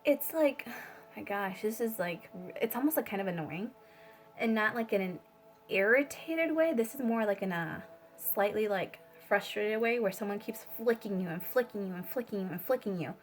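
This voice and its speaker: A woman's voice: mid-range voice, normal speed, soft background music. Rambling woman giving a tarot reading. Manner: rambling, swears freely, many fillers. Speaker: tarot reader. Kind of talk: casual spiritual reading.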